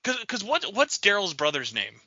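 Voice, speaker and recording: Man, podcast host, lively pitch, very bright voice, dry dull lo-fi sound. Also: normal speed, dry recording. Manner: animated, laughing, imitates others. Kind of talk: casual chat. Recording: dull lo-fi audio.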